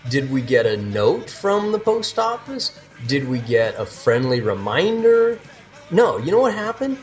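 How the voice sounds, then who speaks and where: A man co-hosting a podcast, telling stories in an animated, casual way. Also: mid-range voice. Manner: animated storytelling, laughs easily. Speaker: podcast co-host. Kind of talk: casual chat.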